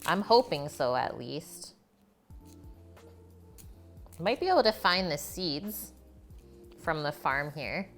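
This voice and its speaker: A woman's voice: sits low, sing-song, slow, long pauses, soft background music. A woman hosting a live cooking stream, chatting casually with her viewers and answering them by name as she cooks in her kitchen. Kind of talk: casual chat while cooking.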